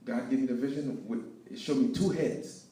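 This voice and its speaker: A man telling his story of failure and faith as a speaker at an event, preaching with lively swings between loud and hushed. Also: mid-range voice, moderate pace. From Haiti. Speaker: guest speaker. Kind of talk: inspirational testimony talk. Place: event hall with live audience. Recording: echoey hall, picked up from far off.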